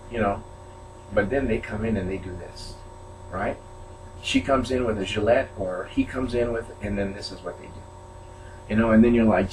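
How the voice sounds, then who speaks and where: A man talking to his viewers from his apartment in a rambling casual monologue, often tagging his sentences with "right?". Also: on the low side. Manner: rambling, tags statements with "right?". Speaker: video blogger. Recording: distant mic with loud hum.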